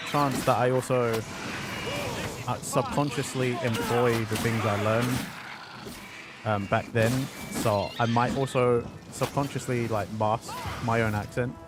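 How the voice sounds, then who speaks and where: Over loud music, a man from London with a mild, mixed British accent chats casually while streaming a game. His voice is medium-pitched, fairly even, and a little slow. He rambles, swears often, and keeps the gaming commentary loose and chatty.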